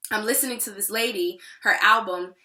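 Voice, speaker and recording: A woman's voice: mid-range voice, a little fast, sharp tone. A woman and aspiring songwriter talking through her feelings in a candid, profane, rambling video diary. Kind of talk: personal vlog diary. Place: New York City. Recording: echoey room.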